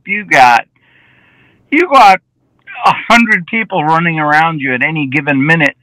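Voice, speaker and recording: A man, a film director, talks through behind-the-scenes stories in a casual interview. His voice is raspy with a bright, forceful edge, and it sounds close and dry with no room around it. He tells his anecdotes with energy and slips into the voices of the people he quotes. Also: on the high side, no echo, rough recording. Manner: lively anecdotes, often acting out quoted dialogue.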